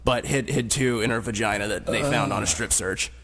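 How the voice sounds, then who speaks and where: A man hosting a radio show, chatting crudely with guests in a studio, loud and full of swearing. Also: brisk, breathy edge. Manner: loud, swearing, jumps in pitch when excited. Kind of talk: crude casual studio banter.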